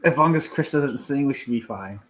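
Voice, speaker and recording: A man's voice: medium pitch, expressive, fairly quick, slight background noise. A man joining a live stream as a guest, joking and teasing in casual chat over a video call.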